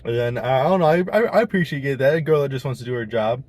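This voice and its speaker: A man's voice: mid-range voice, fast, a little mellow, no echo. A young man, chatting casually and rambling to camera in a vlog, full of slang and restarts. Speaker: vlogger.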